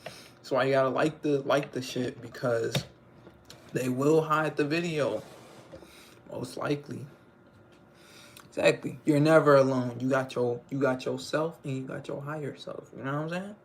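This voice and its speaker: A man's voice: medium pitch, steady tone, normal speed, vocal fry, long pauses, slight background noise. A young man hosting a casual livestream, rambling in slangy talk and often checking in with his viewers. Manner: rambling, slangy, keeps asking "you know what I'm saying". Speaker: livestream host.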